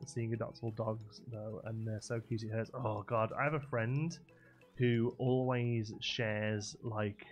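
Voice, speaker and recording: Gravelly-voiced man streaming a game. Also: on the low side. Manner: chatty, thinks aloud while playing. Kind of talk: casual gameplay commentary.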